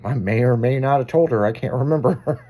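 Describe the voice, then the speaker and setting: A male radio host spins long, meandering anecdotes on air. He talks casually, swears freely and laughs at his own stories, in a voice of middling pitch. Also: a little fast, mellow. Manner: rambling, profane, self-amused anecdotes.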